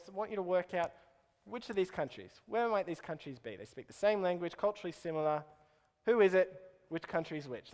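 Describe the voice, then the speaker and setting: A man's voice: mid-range voice, in a large hall. A man giving a playful live talk to an audience, quizzing them as he goes. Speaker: keynote speaker.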